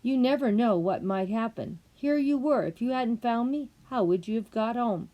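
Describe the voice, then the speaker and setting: A woman voicing a fussy, hurried male white rabbit who scolds and frets about being late. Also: on the high side, lo-fi sound, voice pushed up, close to an everyday voice. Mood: scolding.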